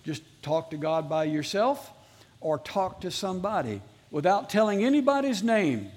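A man's voice: high voice, sing-song, normal speed, darkish tone. A man preaching a sermon as pastor to a live congregation, earnestly repeating his exhortations.

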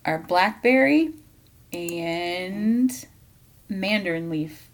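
A woman's voice: lowish voice, animated, very slow. A woman co-hosting a podcast, chatting casually and rambling, often trailing off and restarting her sentences. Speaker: podcast co-host. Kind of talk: casual chat.

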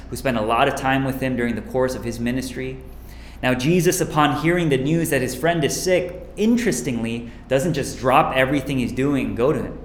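A man preaching a sermon as pastor, earnest, dropping to a hush on key lines. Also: medium pitch, echoey room, slight background noise.

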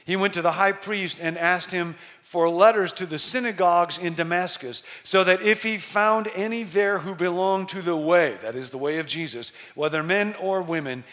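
A middle-aged male pastor preaching a sermon, telling a story with emphasis and slowing down to stress key words. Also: sits high, a bit bright.

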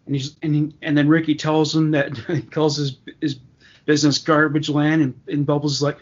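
Man, fairly high voice, relaxed podcast chat, chuckling, muffled lo-fi recording. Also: normal speed, breathy edge. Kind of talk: casual chat.

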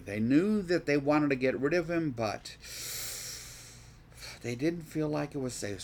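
Slow-talking male Bible study teacher. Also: mid-range voice, a little hiss or hum. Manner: reads scripture aloud, then explains it loosely with questions to the group; frequent restarts and repeated words while thinking aloud.

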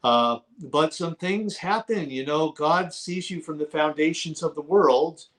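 A middle-aged man being interviewed as a guest author, telling his conversion story with fervor and sometimes shouting as he relives it. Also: fairly high pitch, measured pace. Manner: fervent storyteller, bursts into shouting when reliving moments. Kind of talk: testimony in a talk-show interview.

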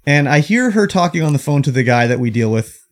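A man's voice: a little high, very animated, quick pace. A man co-hosting a casual podcast, venting about work in a long rant with casual swearing. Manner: ranting storyteller, acts out quoted coworkers. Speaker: podcast co-host. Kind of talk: casual chat.

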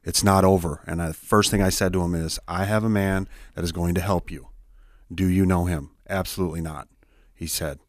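A man's voice: deep voice, fairly even intonation, no echo, clean studio sound. A man working as a peer support specialist, telling a heartfelt personal story as a guest on a radio talk show. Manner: heartfelt, conversational, quick. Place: radio studio.

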